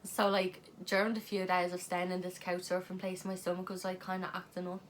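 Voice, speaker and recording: A woman's voice: lowish voice, completely flat delivery, a little fast, a little hiss or hum. A young woman telling a story in a casual vlog chat, blunt and swearing freely. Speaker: vlog co-host.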